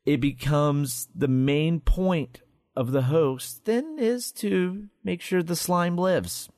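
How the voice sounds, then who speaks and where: On a tabletop game podcast, a male co-host casually explains a monster's rules, reading out its stats in a lively, explanatory way. His voice sits on the high side and he speaks slowly. The studio sound is clean, with no echo.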